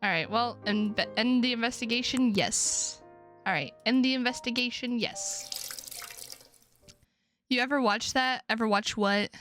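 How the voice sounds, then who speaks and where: Woman streamer, playful, swears a lot, bright fairly high voice, reads game text aloud, faint music behind. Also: measured pace. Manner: playful, joking, swears freely. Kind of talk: casual live-stream chat, reading game text aloud.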